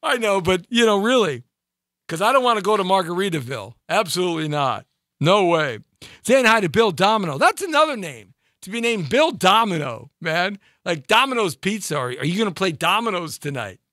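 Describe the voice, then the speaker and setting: A man's voice: high-pitched, big pitch swings, brisk, fairly bright tone, no echo, studio quality. A middle-aged male host rambling and joking on a live show, laughing at his own gags.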